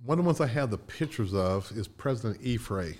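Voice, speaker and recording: An older man from Indiana, a guest in a casual interview, tells animated anecdotes with restarts and laughs. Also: fairly low pitch, a little fast. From Indiana, USA.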